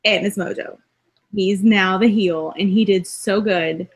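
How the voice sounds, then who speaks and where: A woman co-hosting a casual chat podcast, talking in an excited, rambling way and laughing often. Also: mid-range voice, a little slow, breathy edge. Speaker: podcast co-host.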